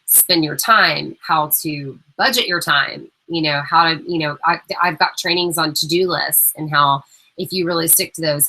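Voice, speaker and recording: A woman's voice: deep voice, bright, forceful tone, rough recording. A young woman coach giving new team members a casual, encouraging welcome talk, chatty and full of fillers.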